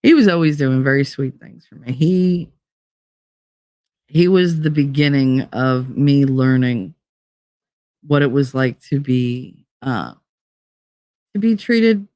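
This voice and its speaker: A woman in her forties telling a casual late-night story on a stream, animated and swearing freely as she acts out quoted voices. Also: extremely low pitch, takes it slowly, long pauses, no room sound, studio quality.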